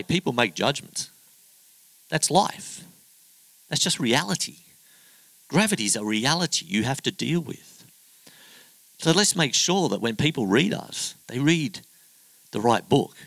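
A man's voice: fairly low pitch, a bit bright, no room sound, poor audio. A middle-aged man preaching a sermon, telling a story in a chatty, humorous way and acting out the other people's voices. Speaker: pastor.

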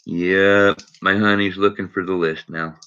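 Bright-voiced man hosting a live stream. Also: low voice, level tone, a little slow, clean tone, muffled recording. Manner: chatty, greets viewers by name. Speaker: livestream host searching coin rolls. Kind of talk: casual live-stream chat. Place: indoors at home.

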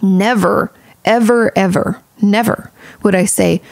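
A woman therapist talking through listener questions in a loose, chatty way, frank and a little irreverent. Her mid-range voice has a gravelly, fry-laden edge. The sound is close and dry, with no room around it. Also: mid-range voice, moderate pace, a little mellow, no room sound. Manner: chatty, frank, swears casually, many fillers. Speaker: podcast host and therapist. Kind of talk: casual advice podcast.

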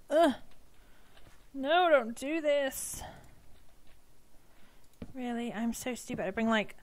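A young woman talks through a game at an unhurried pace, chatting to herself and to the creatures she meets. Her voice sits a little high, and she keeps poking fun at her own mistakes. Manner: chatty, self-mocking, talks to game animals. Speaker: let's-play host. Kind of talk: casual gameplay commentary.

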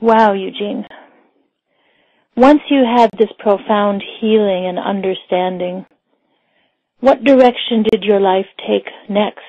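A woman interviewer asks gentle, reflective questions. Her voice sits in the middle range. The recording is dull and dry. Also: mid-range voice, slow, pauses often, dry recording.

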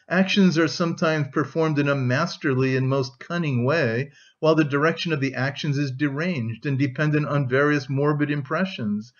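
Man reading a classic novel aloud. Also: medium pitch. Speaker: audiobook narrator. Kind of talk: audiobook reading, light voicing of characters. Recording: dull lo-fi recording.

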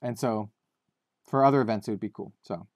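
A man's voice: lowish voice, brisk, a little mellow, no echo, studio quality. Chatty man hosting a podcast. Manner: chatty, many fillers and restarts. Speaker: podcast host. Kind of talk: casual podcast chat.

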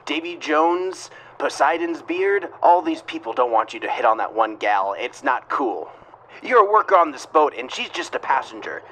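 Man goofing through an improvised dub, very lively. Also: fairly high pitch, normal speed, rough recording. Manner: goofy, jumping between voices, shouting exclamations. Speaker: comedy dubber.

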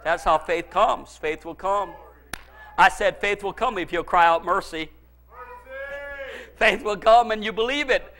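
A male pastor preaching a fervent sermon, dropping to low asides and then shouting pleas, with chuckles between lines. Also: moderate pace.

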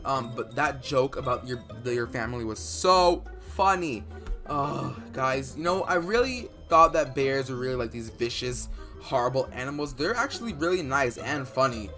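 A young man doing dramatic Minecraft role-play commentary, excitable and rambling with fillers, bursting into loud outbursts. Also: mid-range voice, moderate pace. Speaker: YouTuber playing a bee in Minecraft. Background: faint background music.

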